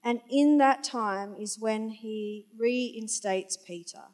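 A woman's voice: fairly high pitch, takes it slowly, darkish tone. A woman preaching a conversational sermon, chatty and informal, with wry asides and the odd moment of losing her place. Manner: loses her place and corrects herself aloud.

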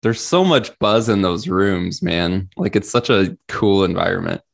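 Low gravelly earnest podcast host. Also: male voice, animated, measured pace. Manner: earnest, reflective. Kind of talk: casual chat.

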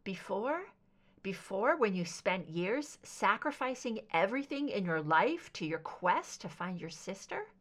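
A woman voicing a calm, firm female FBI agent in an audiobook, speaking steadily and low. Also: measured pace. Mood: steady.

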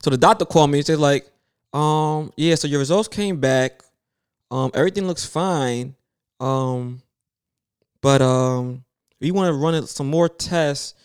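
A man in his thirties telling a story in casual chat, animated and swearing freely, acting out other people's lines. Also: on the high side, measured pace, long pauses, smooth. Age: 30s.

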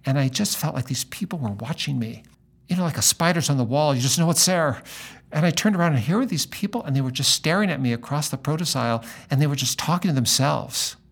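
A man's voice: a little high, quick pace, gravelly, breathy edge. A middle-aged male pastor talking about faith and telling a personal story, acting out the voices of people he quotes.

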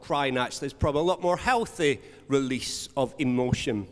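A man preaching a sermon as pastor, earnest, swinging between loud stressed words and soft, slowed emphasis. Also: mid-range voice. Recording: long hall reverb.

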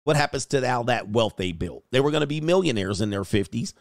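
This man talks a little fast in a lively, creaky mid-range voice while hosting a livestream, reading super chats and reacting to news. Casual yet mocking and preachy, he drawls words for effect; the audio is studio quality with no room sound.

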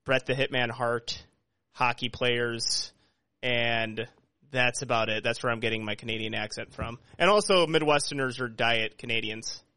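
Man, podcast host, joking casual banter, bright tone, dry close sound. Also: medium pitch, moderate pace, no room sound. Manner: joking, talks over others. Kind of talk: casual chat. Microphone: video call.

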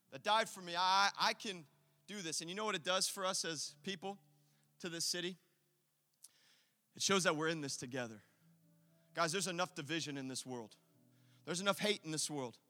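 A man preaching an impassioned sermon as pastor in a church, loud and rousing, leading his congregation in call-and-response. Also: a little high, moderate pace, pauses often, in a large hall. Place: church sanctuary.

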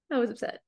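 A woman in her twenties from the United States, hosting a casual podcast chat, talking with many fillers and laughing easily. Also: darkish tone. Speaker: podcast host.

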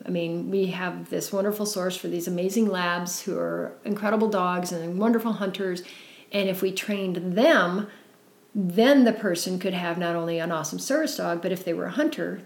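A middle-aged woman telling her story in an interview, earnest and warm, with frequent fillers. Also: lowish voice, creaky, roomy sound. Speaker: guest, founder of a service dog foundation.

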